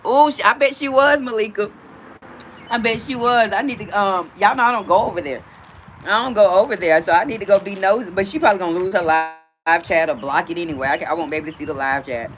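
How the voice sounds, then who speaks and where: A woman's voice: medium pitch, fast talker. A woman hosting a casual livestream from outdoors, chatting directly with her viewers. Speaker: livestream host.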